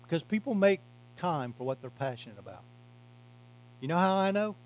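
A man preaching a sermon as pastor, emphatic, swinging from loud to quiet and slowing on key words. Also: on the high side, big pitch swings, low-quality recording. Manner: emphatic preaching, varying loudness and pace.

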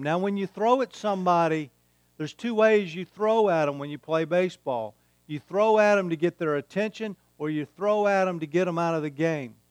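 A man's voice: fairly high pitch, no room sound. A man preaching a sermon, emphatic and repeating his key phrases. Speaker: pastor.

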